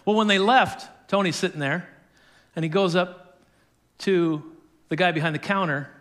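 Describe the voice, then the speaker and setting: High-voiced guy preaching, telling a story and doing the quotes with little chuckles. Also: normal speed, fairly bright tone. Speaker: pastor. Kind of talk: sermon.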